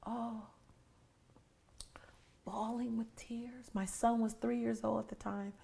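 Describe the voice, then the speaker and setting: Her pitch sits fairly high, and the voice is creaky, warm, and a touch rough. She is a motivational speaker in her forties, an interview guest recounting a personal story with earnest emotion and now and then lowering her voice nearly to a whisper.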